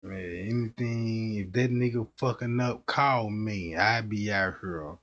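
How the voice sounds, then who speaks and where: A man streaming, telling a crude comic story in an animated, rambling way. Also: lowish voice, unhurried, muffled recording. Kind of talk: comedic storytelling riff.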